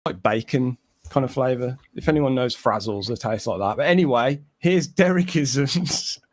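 A man co-hosting a podcast, answering in a relaxed, low-key way. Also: moderate pace. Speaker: podcast co-host. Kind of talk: casual podcast chat.

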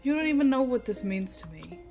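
A woman's voice: a little high, sing-song, brisk, gravelly, mellow. A woman voicing a big bear creature from a game who talks in an apologetic, earnest way. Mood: grateful, remorseful. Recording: game music behind.

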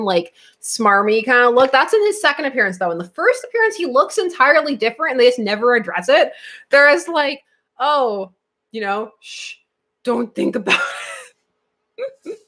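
A woman's voice: medium pitch, a bit bright. A woman hosting a live comics stream, chatting casually with viewers, giggling often and thinking aloud while she looks things up at her computer. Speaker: comics channel host answering live chat.

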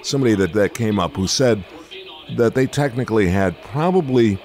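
A man's voice: on the low side, expressive, normal speed, darkish tone. An older American man hosting a casual podcast interview, chatty and rambling, laughing often as he talks. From United States. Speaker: radio host interviewing a comedian.

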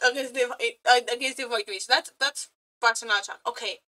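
Bright, high-pitched excitable woman. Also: a little fast. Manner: excitable, swears a lot, laughs often, non-native phrasing. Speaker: streamer reacting to a video. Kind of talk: casual reaction commentary.

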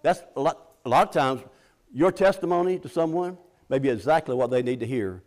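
A man's voice: fairly high pitch, animated, fairly quick, a little mellow. A middle-aged man preaching a sermon in a folksy, conversational way, often restarting his sentences and acting out the scripture quotes.

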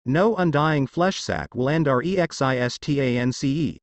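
A man's voice: medium pitch, moderate pace, no echo, highs cut off, close to an everyday voice. A man voicing an unhinged sand beast spirit who speaks menacingly.

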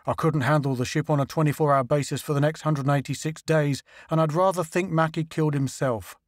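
A man voicing a spirited male ship's engineer in a higher, lively voice. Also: fairly quick, no room sound, studio quality, close to an everyday voice.

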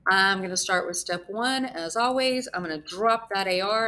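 A woman's voice: mid-range voice, normal speed, hardly any pauses, sharp tone. A young woman teaching a recorded lesson, explaining step by step and spelling out letters as she writes. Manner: mutters asides while writing. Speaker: Spanish teacher. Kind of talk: recorded lesson with screen writing.

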